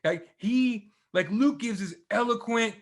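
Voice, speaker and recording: A man's voice: very high voice, a little slow. A man hosting a casual sports podcast who rants loosely and swears often. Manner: profane, animated ranting. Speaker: podcast host. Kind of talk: casual chat.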